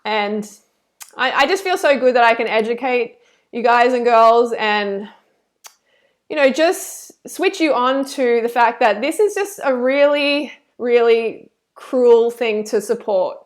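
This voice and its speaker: Reading super chats on her live stream, this woman speaks a little slowly in a slightly high, expressive voice. She gushes warmly over donors, then grows earnest and preachy when campaigning.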